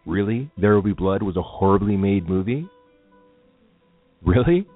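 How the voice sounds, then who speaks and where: A man's voice: on the low side, lively intonation, moderate pace, pauses often, no room sound. A man hosting a film talk show, speaking casually and with strong opinions, rambling through asides. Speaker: podcast host. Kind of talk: casual solo radio talk. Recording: tinny phone-like lo-fi audio with faint music.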